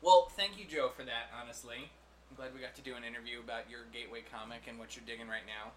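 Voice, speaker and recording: A man's voice: medium pitch, steady tone, fast, a little hiss or hum. A man hosting a podcast in casual, chatty banter, laughing easily and swearing offhandedly. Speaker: podcast host.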